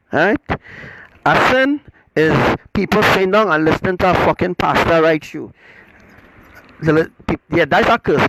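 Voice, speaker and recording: A middle-aged man, preaching in a forceful, repetitive livestream rant that keeps asking "right?". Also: on the high side, background noise. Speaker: self-styled religious teacher.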